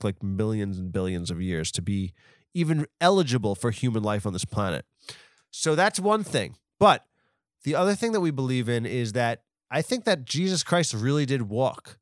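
A man hosting a comedy podcast, rambling through absurd asides in a deadpan manner. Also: mid-range voice, dry recording, clean studio sound. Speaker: podcast host.

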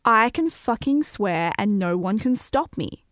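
A woman's voice: a little high, sing-song, normal speed, fairly bright tone, dry recording, studio quality. A woman voicing a mischievous ten-year-old girl, the narrator's best friend, gleeful and daring in a spoken story.

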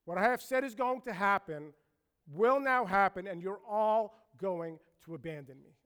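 Man voicing a calm teacher giving a direct warning, high-ish voice. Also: moderate pace, vocal fry, smooth. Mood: grave. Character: calm, knowing adult male teacher.

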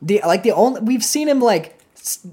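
A woman talking casually about a film, animated and profane, often acting out lines from it. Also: fairly high pitch, normal speed, slightly rough.

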